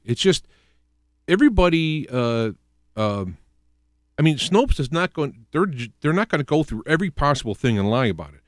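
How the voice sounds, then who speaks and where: A man's voice: mid-range voice, no echo, clean studio sound. Rambling Midwestern man hosting a talk show. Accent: Midwestern American. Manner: rambling with many restarts and fillers. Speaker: radio show host. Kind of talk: casual solo talk show.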